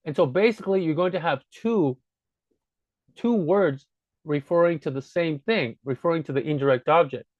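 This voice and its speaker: A man with a slightly high voice walks through grammar points in a relaxed teaching style, patiently going back over each idea. The recording is dull and lo-fi, with a dry sound and no room echo. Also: normal speed. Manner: patient, repeats points to drive them home. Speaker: language teacher. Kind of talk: casual spoken grammar lesson.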